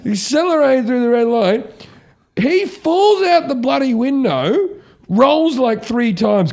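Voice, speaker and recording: A comedian telling a story in casual chat, acting out shouts as he goes. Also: sits high, measured pace. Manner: animated, acts out shouts in his stories.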